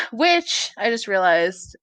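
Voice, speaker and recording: Young female co-host, casual and sweary, giggly, mid-pitched, dry close mic. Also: very animated, takes it slowly, bright, forceful tone, no echo. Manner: chatty, swears freely, laughs often. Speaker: podcast co-host. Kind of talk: casual chat.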